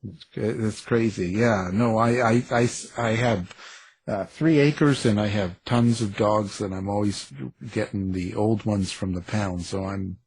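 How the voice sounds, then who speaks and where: A man's voice: fairly low pitch, steady tone, a little slow, a little mellow, slightly rough, low-quality recording. A man hosting an interview, joking with his guests in a casual way. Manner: joking, laughing easily.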